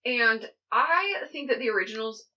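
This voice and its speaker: A woman's voice: a little high, expressive, normal speed, highs cut off. A young woman co-hosting a podcast, chatting with enthusiasm and plenty of fillers. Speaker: podcast co-host. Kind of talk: casual chat.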